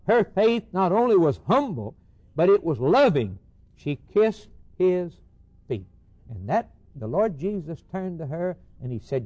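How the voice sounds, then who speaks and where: A man preaching a sermon, rising to emphatic peaks and dropping low and soft, quoting scripture in old wording. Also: sing-song, unhurried, lo-fi sound.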